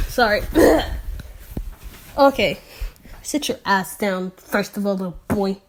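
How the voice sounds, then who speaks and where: A woman's voice: medium pitch, slow, a little hiss or hum. Sarcastic woman reading fan fiction aloud. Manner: sarcastic asides, slips and self-corrections. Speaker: channel host.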